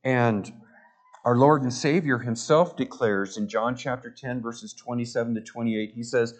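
A man's voice: mid-range voice, normal speed. A man preaching a sermon as pastor, earnest and emphatic, with repeated words and direct questions to the congregation.

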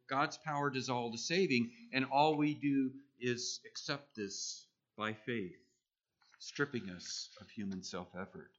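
Slow, bright-toned male preacher. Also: mid-range voice, dull audio. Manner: emphatic, repeats key phrases with rising force. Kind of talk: sermon.

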